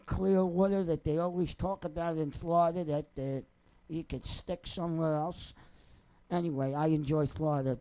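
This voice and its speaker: A man's voice: on the high side, mellow, low-quality recording. A young man, a singer telling personal stories off the cuff in a rambling, wry, joking way. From New Jersey. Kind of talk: casual off-the-cuff storytelling.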